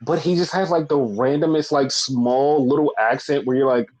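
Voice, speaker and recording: A man's voice: medium pitch, normal speed, hardly any pauses, darkish tone, low-quality recording. A man hosting a podcast, recapping in a blunt, profane, rambling casual chat. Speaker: podcast host.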